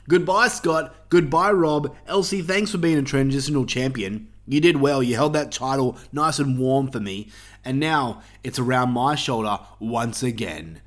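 A man hosting a casual podcast, gloating and bragging in a swaggering wrestling-promo manner, with swearing. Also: medium pitch. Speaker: podcast host.

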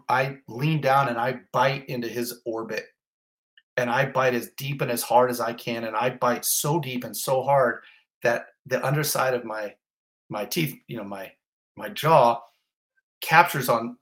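A middle-aged fire captain tells his own story in a podcast interview, his mid-range, fairly bright voice moving at a measured pace. He's intense and vivid, speaking in short, repeated clauses.

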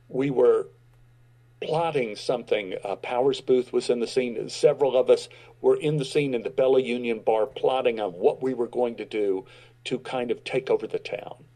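A middle-aged man, a guest actor, telling a lively anecdote and acting out the quotes of the people in it. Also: mid-range voice, normal speed, poor audio. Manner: animated storyteller acting out quotes. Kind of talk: storytelling anecdote.

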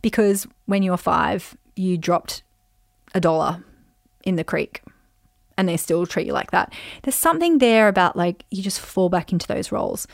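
A woman in her forties hosting a casual solo podcast, chatty and animated, acting out quoted voices with sudden jumps in pitch. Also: normal speed, creaky, no room sound, studio quality. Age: 40s. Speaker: podcast host.

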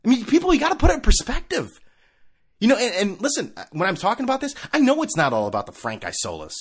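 Husky New man, heated sarcastic rant, lively up-and-down pitch, swears a lot. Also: quick pace. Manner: heated, sarcastic, profane, lots of rhetorical questions. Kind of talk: solo opinion rant.

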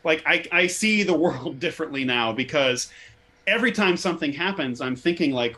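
Chatty man with a higher voice. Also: lively intonation, moderate pace, pushed and bright. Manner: conversational, self-deprecating, stammering restarts. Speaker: podcast host, former chaplain resident. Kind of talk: casual conversation.

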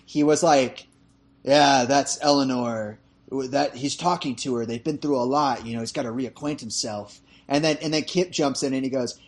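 A man's voice: medium pitch, normal speed. A young man co-hosting a casual movie review chat, retelling scenes and acting out the lines with lots of laughter. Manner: animated, acts out quoted lines while laughing. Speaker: podcast co-host.

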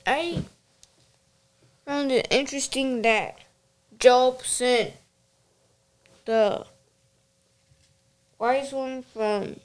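A woman's voice: high-pitched, very slow, pauses often. A woman in a Bible study group sharing her thoughts hesitantly, searching for her words.

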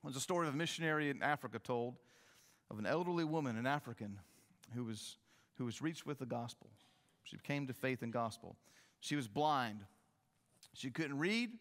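A man's voice: animated, normal speed, pauses often, a bit bright. Emphatic male pastor in echoing hall. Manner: emphatic preaching, rising and falling in pitch. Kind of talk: sermon.

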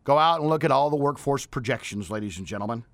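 A man's voice: mid-range voice, lively intonation, fast, a bit bright, no echo. A man hosting a radio talk show, ranting emphatically with rhetorical questions.

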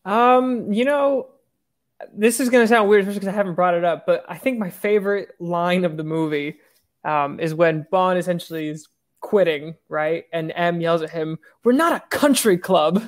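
Higher-voiced easygoing man. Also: normal speed. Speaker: podcast co-host. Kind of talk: casual film discussion.

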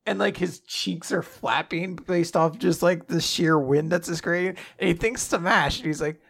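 A man's voice: fairly high pitch, normal speed, creaky, fairly bright tone, breathy edge. A man hosting a podcast, casually recapping a manga chapter with sarcastic jokes and frequent laughs. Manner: joking, laughs often, sarcastic asides.

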